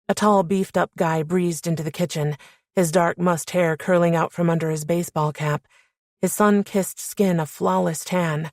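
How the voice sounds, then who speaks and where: Female audiobook narrator, low voice, dry close mic, first-person romance. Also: steady tone, normal speed, darkish tone, dry recording.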